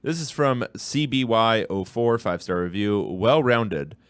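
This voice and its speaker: A man co-hosting a podcast, congested, trading deadpan sarcastic banter with his partner. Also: on the low side, measured pace, clear, resonant tone. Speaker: podcast co-host. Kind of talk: casual chat.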